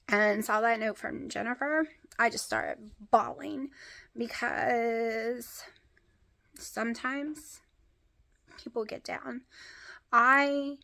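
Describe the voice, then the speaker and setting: A woman's voice: fairly high pitch, gravelly, sharp tone. Emotional woman vlogging. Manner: emotional, rambling, addresses viewers as y'all. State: close to tears. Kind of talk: casual vlog chat. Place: at home.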